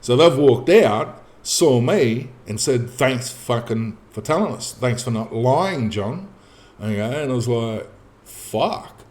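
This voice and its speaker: A man in casual spoken storytelling, profane and animated, acting out the dialogue as he tells it. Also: mid-range voice, measured pace. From Australia. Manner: profane, animated, acts out dialogue in his telling. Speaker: podcast guest telling a personal story.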